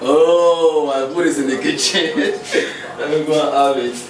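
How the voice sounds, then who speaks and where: A man in a comedy skit, an excitable football fan shouting at the screen. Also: on the high side, a little slow. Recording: echoey room, mic far off, noisy.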